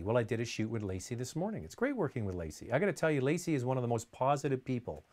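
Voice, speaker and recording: Man, Q&A host, casual chat, mid pitch, rambling storyteller. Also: big pitch swings, rapid-fire, few pauses, darkish tone. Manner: chatty storyteller with restarts and asides.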